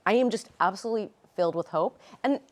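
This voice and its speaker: A woman's voice: mid-range voice, quick pace. A middle-aged woman author talking earnestly and animatedly in an interview, telling stories with feeling. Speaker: author guest. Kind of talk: casual interview chat.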